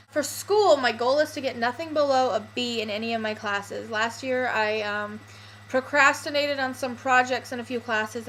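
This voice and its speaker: A woman's voice: a little high, fairly bright tone, slight background noise, rough recording. A young woman vlogging casually and candidly, with lots of fillers. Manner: chatty, candid, with many fillers. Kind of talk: casual personal vlog.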